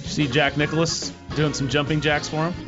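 A man's voice: a little high, level tone, normal speed, muffled recording, over music. Joking male golf radio co-host. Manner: joking, rambling, self-interrupting. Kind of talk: casual sports radio chat.

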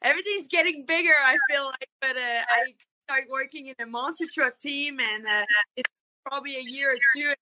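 A woman's voice: high-pitched, fairly quick, pushed and bright, rough recording. A woman with a French accent, a monster truck driver guesting on a radio show, speaking hesitantly with many fillers. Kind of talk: casual radio interview.

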